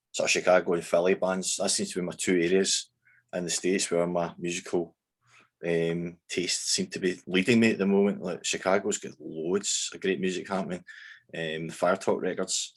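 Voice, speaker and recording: A man's voice: deep voice, breathy edge. A man with a Scottish accent, a band member chatting casually in an interview, rambling with many fillers and restarts. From Scotland.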